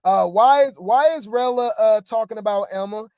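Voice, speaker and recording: A man's voice: high-pitched, moderate pace, a little mellow, no echo. A man hosting casual reality TV gossip commentary, rambling with fillers and asides to viewers.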